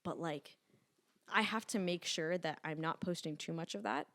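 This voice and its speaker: A woman of about twenty, a podcast guest telling stories in casual chat, animated and full of "like" and the odd swear word. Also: low voice, normal speed, no echo. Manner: chatty, animated storytelling with frequent "like" and swearing. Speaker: podcast guest, lifting influencer.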